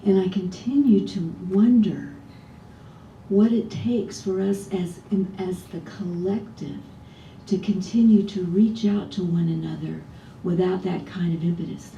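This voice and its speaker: A woman's voice: unhurried, creaky, dark tone, highs cut off. A woman minister preaching a conversational sermon, chatty and often asking the congregation rhetorical questions. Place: church sanctuary. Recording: roomy, distant church sound with faint rumble.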